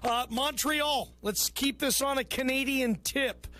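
A man hosts a sports call-in show with a strikingly high voice. He talks loose and chummy, riffing between calls. It has a radio broadcast sound. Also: measured pace, bright, forceful tone. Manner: loose, chummy, calls callers bro and brother. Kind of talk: casual call-in radio talk.

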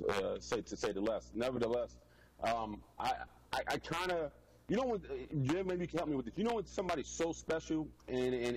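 A man who played pro football, a guest telling stories in an animated, loose way with frequent restarts. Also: mid-range voice, a little hiss or hum, low-quality recording. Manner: animated storyteller, many restarts. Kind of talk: casual storytelling interview.

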